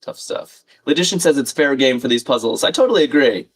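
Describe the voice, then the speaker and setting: A man's voice: medium pitch, lively intonation, quick pace. A man hosting a live crossword-solving stream, chatting casually, thinking aloud and reading out viewer comments. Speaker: livestream crossword host. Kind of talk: live puzzle-solving chat.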